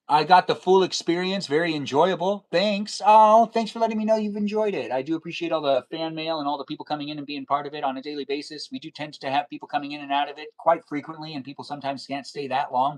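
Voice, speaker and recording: A male live streamer rambles through casual chatter while he plays a video game. He talks fast, reads chat aloud and spells out his username in a half-sung jingle. His pitch sits in the middle for a man. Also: rough recording.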